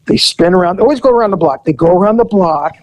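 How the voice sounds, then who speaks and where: A man hosting a podcast, telling stories in a casual, animated way, chuckling and restarting phrases. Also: high voice, quick pace, no room sound, low-quality recording. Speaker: podcast host, storyteller. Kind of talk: casual storytelling chat.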